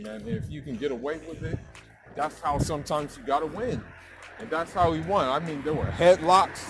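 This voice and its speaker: A man giving casual, slangy, emphatic boxing commentary, recorded outdoors near traffic. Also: high-pitched. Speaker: sports commentator. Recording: loud background noise.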